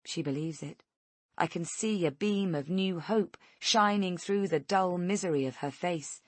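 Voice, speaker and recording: A woman narrates a tense first-person thriller in a steady reading voice that sits a little low. The recording is close and dry, with no room sound. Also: a little slow, no echo. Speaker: audiobook narrator.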